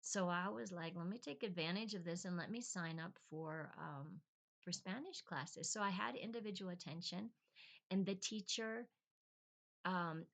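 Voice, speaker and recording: A middle-aged woman telling a casual, rambling personal story with many ums and restarts, on a quiet, poor-quality recording. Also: on the low side, gravelly. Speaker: vlogger, language encourager. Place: lives in Bolivia.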